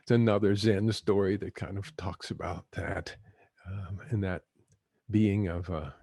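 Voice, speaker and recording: Man hosting a guided imagery talk, slow and gentle, husky voice, dry sound. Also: low voice, fairly even intonation, dry recording. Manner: gentle, unhurried, chuckling storyteller. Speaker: host, physician teaching guided imagery. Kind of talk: reflective talk with teaching stories.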